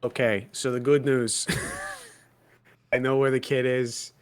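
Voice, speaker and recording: Guy at a tabletop game, dry sarcastic jokes, relaxed chatty delivery. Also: medium pitch, takes it slowly, clear, resonant tone. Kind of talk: casual tabletop role-play.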